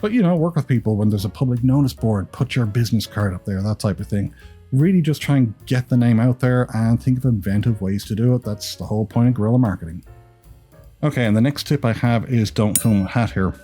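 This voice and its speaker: A man's voice: mid-range voice, brisk, dark tone, breathy edge, soft background music. A man from Ireland whose Irish accent has been partly Americanized, giving creator tips in a chatty, rambling vlog with self-deprecating jokes. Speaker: YouTube creator. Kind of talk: casual advice vlog.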